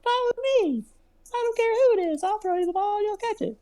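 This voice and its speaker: A squeaky cocky star quarterback. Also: male voice, expressive, a little fast, dark tone. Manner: squeaky, boastful, exaggerated. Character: mocking impression of a cocky star quarterback, man.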